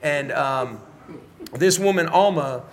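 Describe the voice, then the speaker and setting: Middle-aged american dude on a podcast mic, kinda high voice, cussing and rambling through stories. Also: male voice, slow pace, slight background noise. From United States. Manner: animated, profane, street-style slang. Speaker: podcast guest. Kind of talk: casual storytelling interview.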